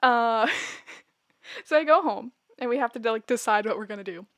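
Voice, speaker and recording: A woman's voice: fairly high pitch, normal speed, no room sound, clean studio sound. Laughing young woman telling a story. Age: about 20. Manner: laughs often, wry deadpan humor; rambling with many fillers and self-corrections. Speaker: vlogger. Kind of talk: casual storytime.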